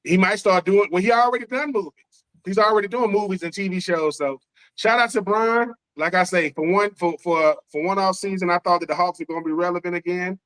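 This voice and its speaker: A man's voice: high voice, a little fast, a bit bright, no room sound, poor audio. A man with an Atlanta accent co-hosting a sports podcast, talking in a loose, conversational way and repeating his points. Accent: Atlanta, Southern US. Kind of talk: casual sports talk.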